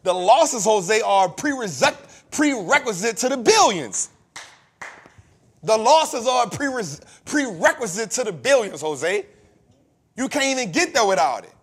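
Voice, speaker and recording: A man's voice: sits high, very animated, moderate pace, slightly rough. A man hosting a podcast, giving a preachy, emphatic motivational finance talk full of repetition and casual street slang. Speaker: podcast host.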